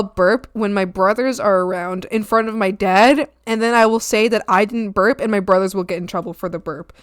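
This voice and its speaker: A young woman streaming from home, chatting casually with lots of ums, giggles and sudden excited squeals. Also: normal speed, few pauses, dry recording, clean studio sound. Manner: bursts into high squeals and shouts when excited. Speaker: art streamer. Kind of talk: casual chat while reading chat. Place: home room. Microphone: desk mic at a streaming setup.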